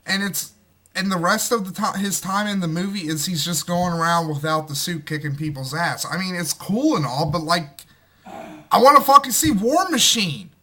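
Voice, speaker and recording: A fired-up man rants through a movie review, cursing constantly and jumping between grumbling asides and loud exasperated bursts. His voice sits high for a man and sounds very bright and sharp. The delivery is loose, casual and unscripted. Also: normal speed. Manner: profane, excitable, swings from muttering to shouting.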